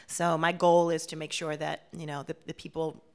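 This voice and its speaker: A woman from Washington, D.C., a performer being interviewed on the radio, who talks in an animated, chatty way. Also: low voice, moderate pace, clean tone. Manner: animated, talkative, with frequent "you know" fillers. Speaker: performer and guest.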